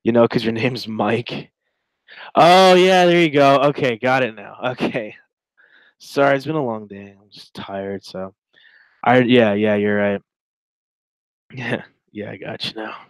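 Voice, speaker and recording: A man's voice: lowish voice, fairly even intonation, unhurried, pauses often, no room sound, low-quality recording. A man in his twenties giving casual, rambling reaction commentary while reading a chat log, with sarcastic asides.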